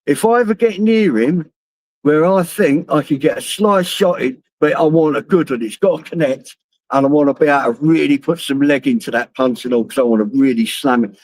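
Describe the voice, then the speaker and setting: A middle-aged London man rambles to his stream viewers on his phone while driving, swearing heavily and laughing at his own stories. His voice is fairly high, fairly quick and a little mellow. The recording is dry and poor in quality.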